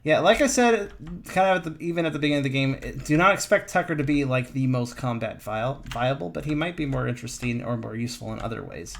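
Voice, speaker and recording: A man's voice: medium pitch, animated, quick pace, gravelly, hardly any pauses, fairly bright tone. Rambling laid-back gamer guy. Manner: rambling, self-correcting, laughing often. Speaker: streamer and player. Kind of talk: casual chat over voice chat. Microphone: push-to-talk voice chat mic.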